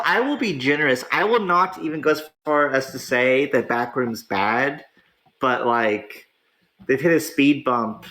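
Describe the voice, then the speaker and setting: Excitable man hosting a gaming talk show. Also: mid-range voice, rough recording. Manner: excitable, laughing, drawn-out exclamations. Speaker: podcast host. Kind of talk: casual gaming commentary.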